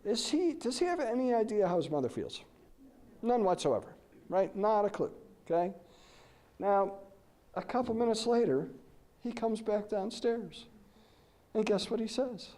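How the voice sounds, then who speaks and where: Animated man lecturing parents. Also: sits high, unhurried, long pauses. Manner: animated storytelling, asks the audience questions. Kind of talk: conference presentation.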